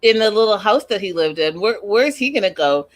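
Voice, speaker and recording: A woman's voice: medium pitch, brisk. Sassy woman recapping a reality show. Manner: animated, sassy, slangy. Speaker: host.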